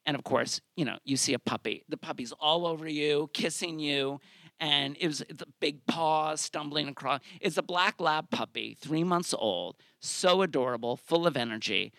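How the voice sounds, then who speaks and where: A middle-aged man telling a personal story live on a theater stage, animated and acting out his own thoughts in quotes. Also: on the high side, normal speed, gravelly, dry recording, studio quality.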